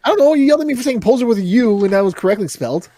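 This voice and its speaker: Canadian guy teasing his cohost, mellow voice, dry mic. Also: very high voice, expressive, racing, dry recording. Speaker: podcast co-host. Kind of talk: casual chat.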